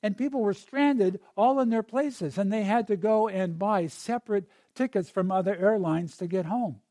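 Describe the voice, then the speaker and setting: A male preacher delivering a sermon in an easy, conversational way, full of asides. His voice sits high but sounds mellow and dark-toned. The recording is dry and close. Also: moderate pace, dry recording.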